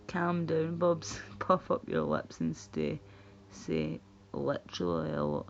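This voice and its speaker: A woman's voice: sits low, huge pitch swings, slow pace, creaky, slight background noise. A Scottish woman chatting casually with her stream viewers, swearing and laughing as she talks. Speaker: livestreamer. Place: at home. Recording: dull lo-fi stream audio.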